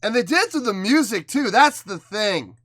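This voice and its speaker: A man hosting a music reaction video, emotional and excitable, moving between hushed awe and loud outbursts. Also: sits high, normal speed. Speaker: reaction channel host.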